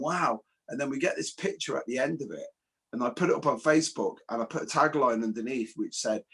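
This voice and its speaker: A martial arts instructor from England, with a medium-pitched, slightly rough voice, tells stories in a casual video-call chat. He's an animated storyteller who swears casually.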